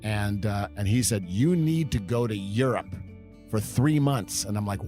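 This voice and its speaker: This California man in his fifties is a podcast guest who reminisces at a relaxed pace, spinning long, winding stories about his past in an interview setting. His voice is fairly low and warm, with faint music in the background.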